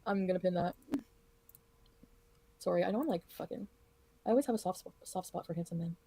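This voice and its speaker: Fast-talking blunt, profane woman livestreamer. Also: on the low side, warm tone, husky, dry recording. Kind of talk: ranting livestream chat.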